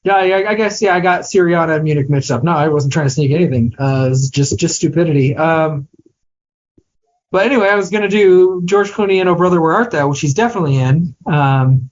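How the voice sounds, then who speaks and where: A man's voice: on the high side, a little fast, dull audio. A man co-hosting a podcast, chatting casually about films, hesitant and self-deprecating, often restarting his sentences. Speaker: podcast co-host. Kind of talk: casual film chat.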